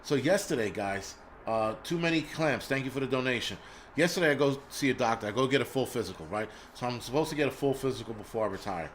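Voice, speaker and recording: A man's voice: medium pitch, expressive, fast, slight background noise. Blunt, profane New man venting. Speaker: live stream host. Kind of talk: casual live-stream chat.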